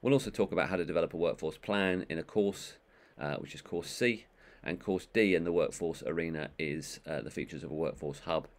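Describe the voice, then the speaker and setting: A man giving an online training course, talking in a monotone with many ums and uhs. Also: deep voice, a little fast. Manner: monotone, calls his own voice that. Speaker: management trainer.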